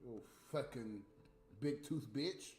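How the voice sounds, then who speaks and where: A man ranting in profane, casual talk to his viewers, swinging from low muttering to loud outbursts. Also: takes it slowly. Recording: roomy echo, faint music behind.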